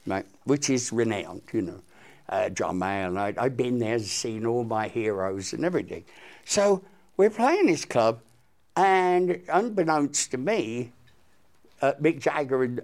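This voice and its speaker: Animated older musician, storytelling. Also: male voice, mid-range voice. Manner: animated, excitable anecdote telling. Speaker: guest musician. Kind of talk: storytelling interview.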